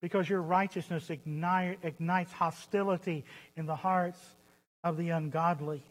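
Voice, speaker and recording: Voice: medium pitch, steady tone, moderate pace. A preacher delivering a sermon, stressing points by repeating phrases and asking rhetorical questions. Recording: long hall reverb.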